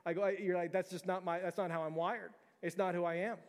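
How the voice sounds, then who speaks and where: A man in his thirties preaches in a casual, conversational way, restarting phrases and then rising to emphatic peaks. His voice sits fairly high for a man. The sound carries a long reverb from the church sanctuary. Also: steady tone, fast, few pauses. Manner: conversational, repeats words, builds to emphatic peaks. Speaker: pastor. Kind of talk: sermon.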